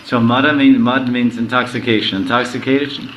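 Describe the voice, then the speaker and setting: A man teaching a sermon, quizzing his listeners and reciting verses slowly. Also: medium pitch, steady tone, a bit bright, slight background noise, low-quality recording. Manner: asks the audience questions, slowly recites verses. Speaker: spiritual teacher.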